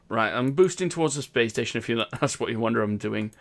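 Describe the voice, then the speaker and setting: A man's voice: mid-range voice, expressive, fast talker, gravelly, few pauses. A man with a Welsh accent hosting a game live stream in casual, upbeat chat and laughing often.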